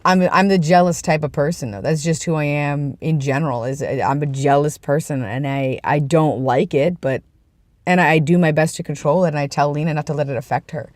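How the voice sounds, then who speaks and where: A man's voice: on the high side, steady tone, brisk, dry recording. Earnest young man, dry close sound. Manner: earnest, rambling, with frequent restarts. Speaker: vlogger. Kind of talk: casual personal vlog. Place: outdoors, about to go inside.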